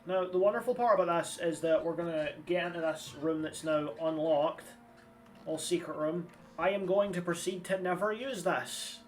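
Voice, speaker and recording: A man's voice: on the high side, normal speed. A man, giving casual, rambling gameplay commentary and swearing freely. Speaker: streamer. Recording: slightly distant mic with game music.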